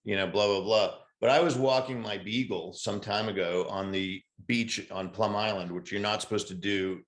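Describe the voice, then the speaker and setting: A man co-hosting a podcast in a casual chat, telling stories in a wry, rambling, deadpan way. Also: fairly low pitch, moderate pace. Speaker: podcast co-host. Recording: roomy echo.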